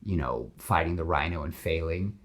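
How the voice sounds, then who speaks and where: Podcast host, male, somewhat low-pitched, casual, acts out the scenes as he pitches. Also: moderate pace, a bit bright. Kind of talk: animated storytelling.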